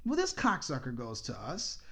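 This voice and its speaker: A man spins a casual podcast story in a foul-mouthed, exasperated rant. His pitch swings widely as he goes, rising and dropping through each sentence. His delivery stays loose and conversational. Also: huge pitch swings, moderate pace, creaky, sharp tone. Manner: profane, exasperated ranting. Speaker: podcast host.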